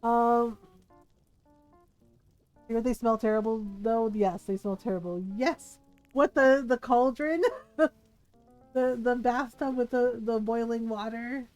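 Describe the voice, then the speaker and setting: Female streamer, slightly high voice, slow and chatty, giggly, lots of fillers; faint music underneath. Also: darkish tone, muffled recording. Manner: chatty, giggly, thinks aloud with many fillers. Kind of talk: casual gameplay commentary.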